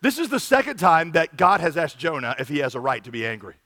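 A pastor preaching a sermon in an animated way, acting out quoted lines with big swings in volume. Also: male voice, a little high, fast talker, big-room sound.

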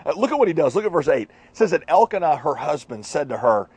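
A pastor delivers a sermon in a chatty, joking way, with lots of asides. His voice is slightly husky and pitched a bit high for a man. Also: very animated, fast, darkish tone, no room sound.

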